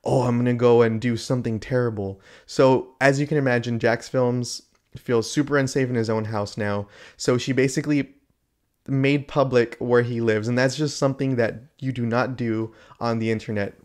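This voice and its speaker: A man in a YouTube rant video, talking in an indignant, exasperated way. His voice sits at an ordinary male pitch, and he leans hard on his outrage. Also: fairly even intonation, moderate pace.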